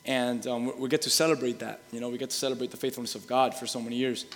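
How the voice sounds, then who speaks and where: In a large church hall with long reverb, a male pastor delivers announcements in a mid-range voice at a very fast clip. He stammers through repetitive restarts, then builds into a shouted, sermon-style hype with loud, excited calls to the congregation and laughter.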